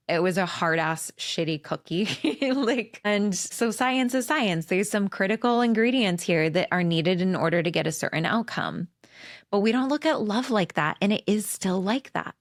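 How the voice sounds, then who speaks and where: A woman's voice: lowish voice, no room sound, studio quality. A woman in her forties hosting a podcast, talking frankly and casually with lots of "like" and some swearing, acting out quoted conversations. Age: 40s. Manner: candid and profane, fillers of "like", animated re-enacting of quotes. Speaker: podcast host. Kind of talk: casual spiritual self-help monologue.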